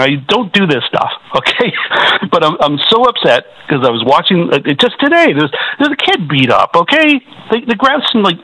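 A man's voice: high voice, bright, forceful tone, no echo, low-quality recording. A Canadian man calling in to a radio talk show, talking in an agitated way with many stumbling restarts. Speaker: caller.

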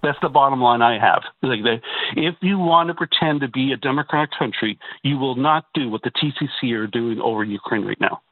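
A man's voice: medium pitch, a little fast, no room sound. Heated male caller on a phone line. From Canada. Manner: emphatic, repeats words, rhetorical asides. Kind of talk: call-in radio talk. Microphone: telephone.

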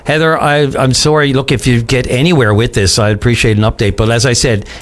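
A man's voice: medium pitch, fairly even intonation, a little fast. A man hosting a call-in radio show, talking sympathetically and chattily with callers, full of fillers. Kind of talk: casual call-in radio talk.

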